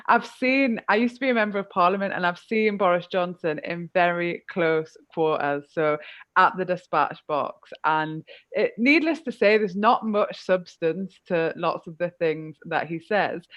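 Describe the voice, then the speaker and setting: A woman's voice: mid-range voice, measured pace, a bit bright, dry recording, muffled recording. A woman hosting a live online fundraiser, self-deprecating and grateful. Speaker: host. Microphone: video call.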